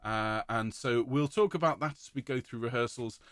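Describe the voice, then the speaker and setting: A man's voice: medium pitch, moderate pace, no room sound, clean studio sound. A man leading an online choir rehearsal, speaking with enthusiasm and praise and now and then singing a vowel to show it. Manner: enthusiastic, warm praise, demonstrates sung vowels. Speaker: choir director.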